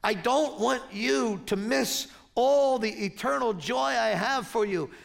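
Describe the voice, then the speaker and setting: Gravelly high-voiced preacher man. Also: unhurried. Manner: conversational, stumbling restarts when telling stories. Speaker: pastor. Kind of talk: sermon.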